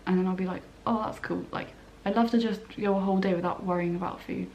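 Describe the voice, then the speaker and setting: A young woman talking casually at a dining table at home, her pitch sitting right in the middle of the range. She rambles freely, scattering "like" everywhere and slipping into little voiced versions of her own thoughts. A faint hum runs underneath. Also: fairly even intonation, fast talker, darkish tone, muffled recording. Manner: rambling, full of "like" and quoted inner voices. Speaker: vlogger. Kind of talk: casual chat.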